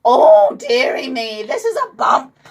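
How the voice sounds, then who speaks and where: A woman's voice: fairly high pitch, huge pitch swings, vocal fry, very noisy, exaggerated voice. Woman doing a fretful old storybook nurse. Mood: fretting. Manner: wailing, fussing, drawn-out. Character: fussy flustered old nurse, fretting.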